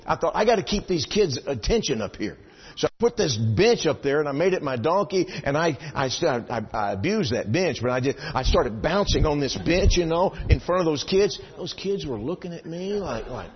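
A man preaching a sermon, telling a personal story with lively swings between loud excitement and hushed asides. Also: medium pitch, fairly quick, slightly rough. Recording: dull sound in a large reverberant hall.

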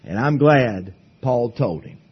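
A male pastor preaching a sermon at a church service, emphatic, swinging between loud declarations and hushed asides. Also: mid-range voice, animated, slow pace, slightly rough, muffled recording.

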